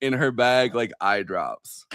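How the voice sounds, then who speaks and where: A man's voice: medium pitch, expressive, takes it slowly, fairly bright tone, slight background noise. A man co-hosting a podcast, chatting casually about politics, rambling with fillers and restarts. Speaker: podcast co-host.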